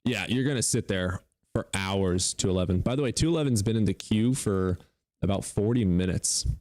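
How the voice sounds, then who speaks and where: A man's voice: fairly low pitch, normal speed, darkish tone, no echo. A man hosting a live-stream debate in casual chat, joking and sarcastic, and he swears freely. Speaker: livestream debate host.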